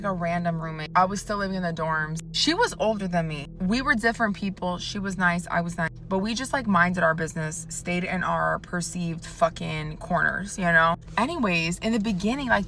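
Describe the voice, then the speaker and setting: A woman's voice: medium pitch, bright, forceful tone, slight background noise. A woman in her twenties telling a storytime vlog in a chatty, profane way, talking straight to the viewer.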